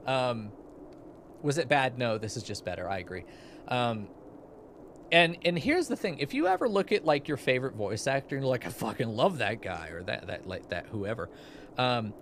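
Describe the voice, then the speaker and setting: A young man in the middle of his normal pitch range, talking casually while reacting to a game. He rambles, loops back, and drops asides as he thinks out loud, with faint noise behind him. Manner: chatty, rambling, frequent fillers and asides. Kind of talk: casual commentary.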